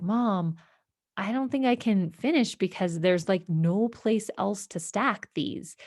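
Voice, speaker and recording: A woman with a low, gravelly voice recounts a personal story, reflective and halting, full of fillers and restarts. The sound is dry and close, with no room echo. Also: a little mellow. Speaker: podcast host.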